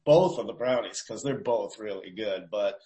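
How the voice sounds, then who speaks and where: A man's voice: fairly low pitch, normal speed. Man telling stories in a roomy echo. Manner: storytelling, animated. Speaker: podcast host and food tour guide. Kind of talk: casual podcast chat.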